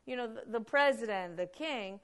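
A woman preaching a sermon in an animated, emphatic way, with frequent restarts and acted-out quotes. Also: on the high side, moderate pace.

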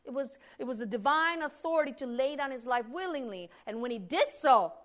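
A woman preaching a Bible sermon, posing rhetorical questions and answering them, shifting from hushed lines to loud emphasis. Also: sits high, expressive, brisk.

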